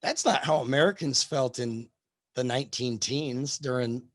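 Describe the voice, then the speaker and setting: A man leads a casual live history class, wandering through his points with lots of fillers, restarts and searches for the right word. His voice sits at an ordinary middle pitch, recorded close and dry with no room sound. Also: moderate pace, dry recording. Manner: rambling, many fillers and restarts. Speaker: history teacher.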